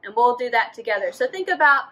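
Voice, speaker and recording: A woman's voice: a little high, animated, fast, sharp tone, rough recording. A woman leading a preschool storytime, reading a picture book aloud and coaxing the children to join in with playful sound effects.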